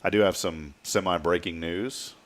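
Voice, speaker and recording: An easygoing man hosts a morning talk show in a relaxed, folksy way. His voice sits a little low, and he chats with guests and callers with a laugh never far off. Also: normal speed. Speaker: show host. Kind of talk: casual morning show chat.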